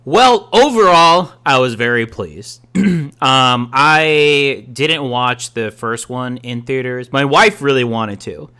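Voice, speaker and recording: Bright, clear-voiced man. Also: mid-range voice, lively intonation. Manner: enthusiastic, halting with ums and restarts. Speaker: podcast co-host. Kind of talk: casual chat.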